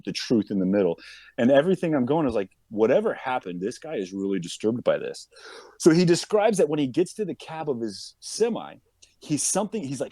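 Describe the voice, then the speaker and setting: On a podcast, a guest who works as a police officer tells a story in casual chat, voice at a medium pitch with no echo. He is animated and acts out what the others in the story said as he goes.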